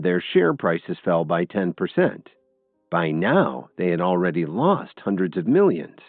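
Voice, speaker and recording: A man narrating a scripted audiobook story in an expressive storytelling manner. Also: low-pitched, no echo. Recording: tinny phone-like audio with faint music.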